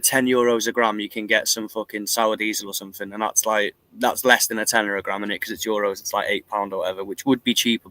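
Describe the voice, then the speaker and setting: A man's voice: fairly low pitch, bright, forceful tone, dry recording. A young man hosting a stream, chatting casually, rambling and swearing constantly, laughing often. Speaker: stream host. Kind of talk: casual chat.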